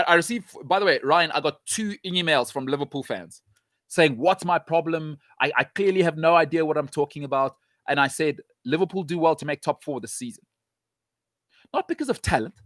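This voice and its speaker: A man's voice: fairly high pitch, fairly bright tone, no room sound, clean studio sound. A man hosting a show, talking football in an emphatic, sarcastic way and hammering his points home with repetition. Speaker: show host. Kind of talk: opinionated football talk.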